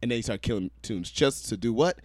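A man's voice: medium pitch, animated, quick pace, darkish tone, no room sound. A man in casual chat, talking with emphasis and laughing often.

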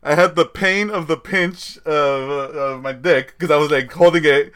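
A young man hosting a podcast, telling a story in a rambling, laughing, animated way. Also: a little high, moderate pace, clear, resonant tone. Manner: rambling, laughs often, tells stories animatedly. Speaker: podcast host. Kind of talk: casual chat.

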